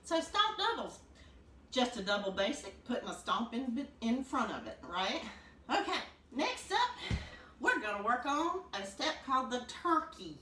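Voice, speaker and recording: A woman's voice: a little high, big pitch swings, unhurried, bright, forceful tone, far from the mic. A woman teaching a clogging lesson, upbeat and chatty, counting the beats aloud as she demonstrates. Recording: roomy, from off the mic, noisy.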